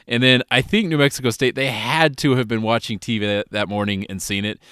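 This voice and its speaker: Laid-back middle-aged man, smooth voice. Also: medium pitch, steady tone, brisk, fairly bright tone, dry recording, clean studio sound. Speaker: sports podcast co-host. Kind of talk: casual chat.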